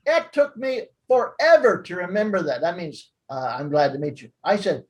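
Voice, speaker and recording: A middle-aged American man with a fairly high voice leads a relaxed online class. He talks in a loose, rambling way and laughs at his own jokes. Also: measured pace, low-quality recording. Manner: chatty, jokey, laughs at his own asides. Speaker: language class host. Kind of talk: casual teaching chat.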